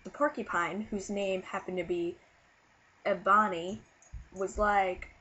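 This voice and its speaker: A woman vlogger who is sick and low on energy, casually telling a silly made-up story to camera in an animated way, with sudden loud bursts. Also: slow, slightly rough, muffled recording.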